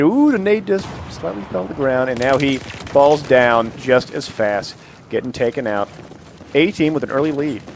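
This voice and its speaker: A man calling live esports play-by-play, excitable and jokey, reading viewer chat aloud between plays. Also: medium pitch, a little hiss or hum. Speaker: esports commentator.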